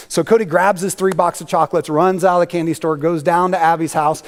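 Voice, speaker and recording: Casual high-voiced man preaching as guest speaker, chatty storytelling, long church reverb. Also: steady tone, brisk, few pauses. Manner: conversational storytelling with many fillers. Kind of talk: sermon.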